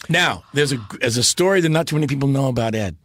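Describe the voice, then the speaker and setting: A man, a podcast guest, telling stories in a lively, animated way and slipping into character voices. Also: mid-range voice. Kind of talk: casual interview storytelling.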